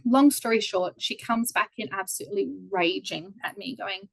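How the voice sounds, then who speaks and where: An Australian woman in her thirties, a guest telling a story in a casual interview over a video call, lively and acting out quoted voices. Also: mid-range voice, normal speed, hardly any pauses, no room sound, rough recording.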